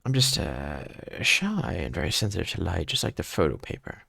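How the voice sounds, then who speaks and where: A man voicing a shy, light-sensitive male creature who is awkwardly flirty, speaking in a hushed, drawn-out way. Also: deep voice, sing-song, vocal fry, no room sound, studio quality, full character voice. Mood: bashful. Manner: soft-spoken and bashful.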